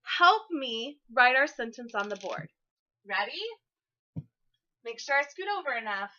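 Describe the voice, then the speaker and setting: A woman teacher giving an early-grade classroom lesson to camera, sing-song and encouraging, speaking slowly for young children. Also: a little high, animated, pushed and bright, dull audio.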